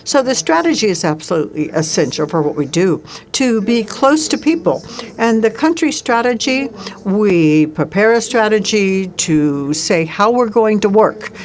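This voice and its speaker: A woman's voice: medium pitch, very animated, moderate pace, few pauses, a little mellow. A woman interpreting a forum speech live, speaking steadily and evenly in the first person. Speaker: simultaneous interpreter.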